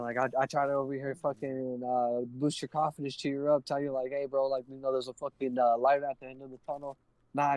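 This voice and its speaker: A man's voice: medium pitch, darkish tone, no echo, rough recording. Young man ranting a story, heavy swearing. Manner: heated, profane retelling of an argument, acting out both sides. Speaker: livestreamer. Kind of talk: casual storytelling on a live stream.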